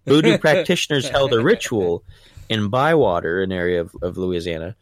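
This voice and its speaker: A man's voice: lowish voice, expressive, normal speed, no room sound. A man from Ohio co-hosting a podcast, chatting casually in a rambling, laid-back way. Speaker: podcast co-host.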